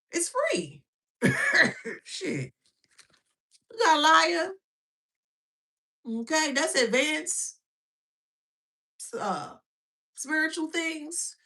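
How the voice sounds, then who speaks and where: A woman giving a casual spiritual reading, talking in a blunt, mocking, slangy way. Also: high voice. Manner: animated, blunt and mocking, with frequent slang and laughs. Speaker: spiritual reader.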